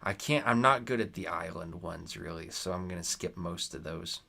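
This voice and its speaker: A young American man with a lowish voice chats casually on a live stream while playing a geography quiz. He reads viewer comments aloud, talks back to them, and swears when something annoys him. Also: normal speed, vocal fry, bright, forceful tone. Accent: American, Nevada. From United States.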